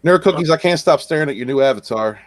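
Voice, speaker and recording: A man's voice: on the high side, expressive, quick pace, no room sound. Playful, teasing male co-host. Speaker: podcast co-host. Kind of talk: casual live-stream chat.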